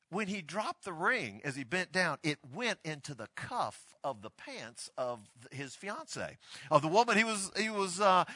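A man who is a pastor giving a teaching talk, telling a story with animated, excited energy. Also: fairly high pitch, dry recording.

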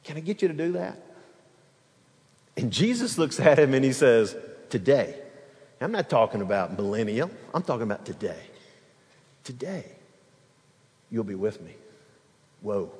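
A man preaching a sermon in an animated way, acting out the quoted lines and bantering with the congregation. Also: medium pitch, in a large hall. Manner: animated preaching, acts out quoted speech, laughs with the crowd. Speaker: pastor.

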